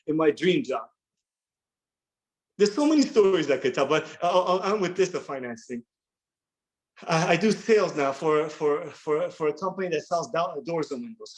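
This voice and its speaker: A man in his thirties sharing his recovery story at a workshop, earnest and halting, often repeating words as he restarts. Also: sits high, poor audio. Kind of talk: personal recovery share.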